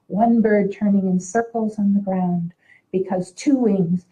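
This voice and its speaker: A woman from Puerto Rico, a poet, reading her own poem aloud in a measured, rhythmic declamation. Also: mid-range voice, narrow, tinny audio. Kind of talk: poetry reading.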